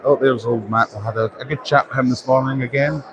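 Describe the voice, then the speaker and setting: In a muffled recording, a man with a steady, medium-pitched voice talks briskly while livestreaming a casual tour of a busy indoor trade show. He's chatty and self-deprecating, thinking aloud over the crowd chatter and din of the exhibition hall.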